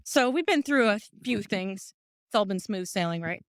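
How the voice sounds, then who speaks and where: A woman's voice: medium pitch, animated, moderate pace, smooth, no room sound, clean studio sound. An out-of-breath woman hosting a podcast, chatting casually and encouragingly while walking outdoors, recorded on a phone. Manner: upbeat, encouraging. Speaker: podcast host. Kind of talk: casual stream-of-consciousness talk. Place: outdoors on a walk up a hill.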